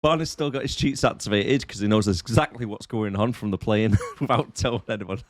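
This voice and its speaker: A man's voice: lowish voice, brisk, no echo. A man co-hosting a podcast, chatting casually with laid-back, dry remarks. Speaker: podcast co-host. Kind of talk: casual chat.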